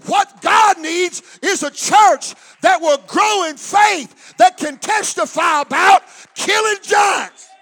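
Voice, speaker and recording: A male pastor preaching a fiery sermon, shouting and then dropping to quiet. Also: extremely high pitch, takes it slowly, few pauses. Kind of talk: Pentecostal sermon.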